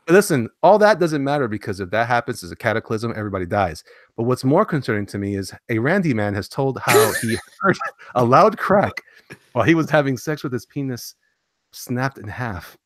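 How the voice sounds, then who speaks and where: Male podcast host, lively swooping delivery, excitable, mock-dramatic reading, dry close sound. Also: mid-range voice, fairly quick, dry recording. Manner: reads news aloud with mock drama, excitable. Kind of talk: casual comedy podcast chat.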